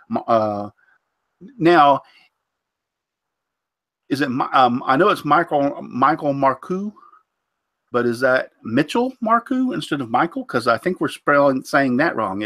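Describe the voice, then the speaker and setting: A man's voice: medium pitch, fairly bright tone, no echo. A man, congested from a cold, hosting a casual woodworking live stream with a rambling manner, lots of fillers and tripping over names. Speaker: host of a woodworking live show.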